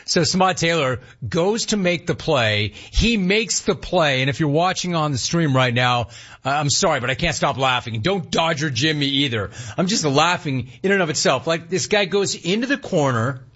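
Guy hosting sports radio, husky voice, gets loud and laughy, kinda muffled sound. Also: fairly high pitch, normal speed. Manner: animated, laughing, mock outrage. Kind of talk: sports talk radio monologue.

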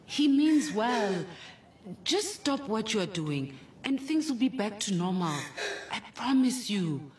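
A woman's voice: fairly high pitch, sing-song, slow, a little mellow, slight background noise. A woman playing a worried, soothing mother with a South African accent, pleading and consoling. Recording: distant mic, faint music.

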